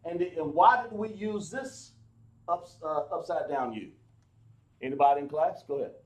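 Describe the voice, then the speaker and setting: A man teaching a live class, explaining slowly, with many fillers and restarts. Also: a little high, a little mellow, echoey room. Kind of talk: live online class lesson.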